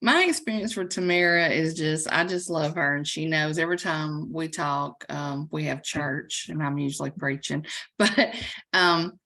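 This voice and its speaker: A woman with a Southern US accent from Alabama, chatting as a coauthor and preacher on a video call, telling stories in an animated way with laughs. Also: sits low, measured pace. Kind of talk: casual chat on a video call.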